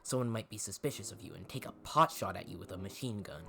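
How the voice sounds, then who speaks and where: A man's voice: fairly low pitch, animated, quick pace, vocal fry, pushed and bright, heavily acted. A man voicing an unfriendly office bodyguard who gives a curt warning, in a game playthrough.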